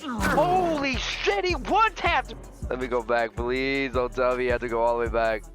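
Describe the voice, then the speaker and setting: A man's voice: mid-range voice, little pitch movement, fast. A young man giving profane, jumpy commentary while playing a game, shrieking at scares and muttering in between. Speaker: gaming video host. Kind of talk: profane let's-play commentary. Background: background music.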